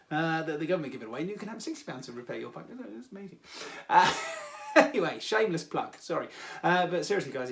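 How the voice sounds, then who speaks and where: Playful English man with a high voice. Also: fairly bright tone. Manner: playful, jokey, many "uh" fillers. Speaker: host of a children's activity show. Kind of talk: upbeat chat to children.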